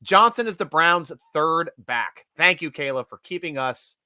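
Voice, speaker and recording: A middle-aged man hosting a casual live-stream chat, animated and chatty and quick to laugh. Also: fairly high pitch, no echo, studio quality. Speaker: host.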